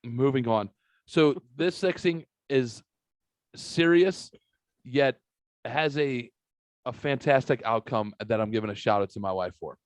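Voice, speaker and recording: A man's voice: mid-range voice, measured pace, no echo. A middle-aged man hosting a podcast, telling a long profane story and quoting the people in it. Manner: profane, animated retelling with quoted voices. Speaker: podcast host. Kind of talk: casual storytelling chat.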